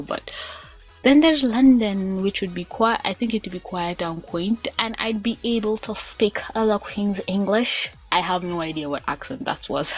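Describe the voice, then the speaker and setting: A young woman vlogging casually, reading would-you-rather questions aloud and thinking out loud as she answers them. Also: on the low side. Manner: chatty and musing, thinks out loud with restarts.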